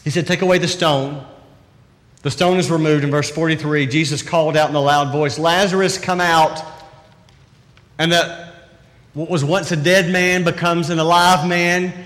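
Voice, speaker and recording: A man with a high voice preaches a sermon, talking to the congregation as if in conversation and pressing his points with repeated questions. The long reverb of a church hall hangs on every phrase. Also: little pitch movement, normal speed, fairly bright tone. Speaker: pastor.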